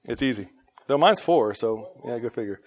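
A man's voice: mid-range voice, animated, normal speed. A man with a Southern US accent, teaching a casual Bible study, joking and laughing at himself between scripture readings.

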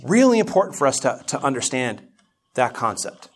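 A man's voice: medium pitch, big pitch swings, moderate pace, slight background noise. Man preaching, building to fervor. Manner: conversational storytelling that grows impassioned, with frequent restarts. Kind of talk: sermon-style Bible teaching.

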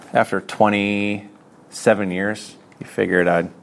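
A man's voice: lowish voice, fairly even intonation, takes it slowly, vocal fry, slight background noise. A middle-aged man preaching a sermon to his congregation, earnest and conversational, with self-deprecating asides and repeated phrases.

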